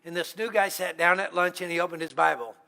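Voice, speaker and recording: A man's voice: high-pitched, steady tone, fast talker, vocal fry, sharp tone. A middle-aged man preaching as a guest pastor in a church, telling humorous, conversational stories. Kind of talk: storytelling sermon.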